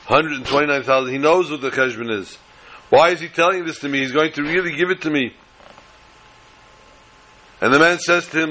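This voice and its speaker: A man preaching a sermon, telling a parable in an animated storytelling manner with dramatic pauses. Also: fairly high pitch, low-quality recording.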